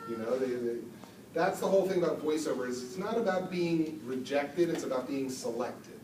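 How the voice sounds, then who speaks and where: Animated man telling stories in an echoey hall. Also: mid-range voice, normal speed. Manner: animated storyteller, acts out quotes. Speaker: voice actor at convention Q&A. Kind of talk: storytelling convention panel answer. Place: convention hall from afar. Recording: echoey hall, distant mic, background noise.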